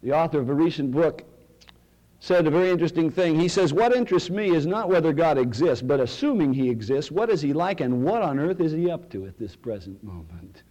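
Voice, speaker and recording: A male pastor preaching a sermon in a church, swinging from loud, rising cries to hushed, quiet lines. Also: on the high side, lively intonation, a little fast, rough recording.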